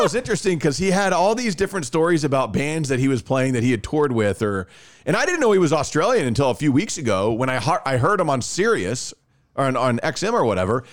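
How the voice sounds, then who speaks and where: A man co-hosting a podcast, chatting casually and telling stories with quick asides. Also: on the high side. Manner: animated storytelling, fast asides. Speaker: podcast co-host. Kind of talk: casual chat.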